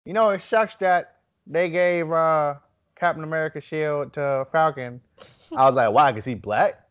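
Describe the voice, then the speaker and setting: A man's voice: a little high, measured pace, a bit bright, clear, resonant tone, no room sound. A man co-hosting a casual podcast, telling stories animatedly and swearing freely. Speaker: podcast co-host. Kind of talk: casual chat. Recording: dull lo-fi podcast audio.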